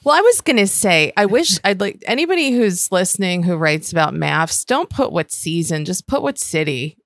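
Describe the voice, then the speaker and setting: A woman's voice: lowish voice, sing-song, normal speed, dry recording, studio quality. A woman co-hosting a podcast in casual chat, talkative and chatty. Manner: chatty, reads names aloud. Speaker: podcast co-host.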